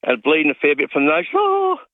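Fast-talking man on a phone line. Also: fairly high pitch, flat delivery, no echo. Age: 50s. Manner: rambling, self-mocking storyteller. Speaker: radio caller. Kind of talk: phone-in storytelling.

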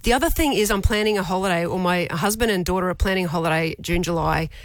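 A woman's voice: on the low side, quick pace, dry recording. An Australian woman in her forties, co-hosting a casual chat and telling candid stories with frequent laughs. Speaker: radio co-host.

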